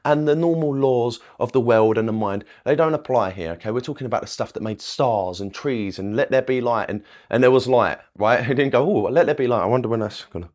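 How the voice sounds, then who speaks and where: A man's voice: medium pitch, a little fast, few pauses, a little mellow. A young man talks straight to the camera as a spiritual coach, in an everyday mid-range voice. He rambles and repeats himself, and keeps checking in with "okay?" and "right?". He swears casually as he goes. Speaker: manifestation coach.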